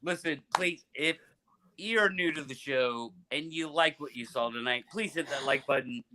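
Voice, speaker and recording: A man's voice: on the high side, moderate pace, background noise. A man hosting a casual live talk show, joking and rambling with lots of fillers and restarts. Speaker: podcast host. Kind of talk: casual livestream chat.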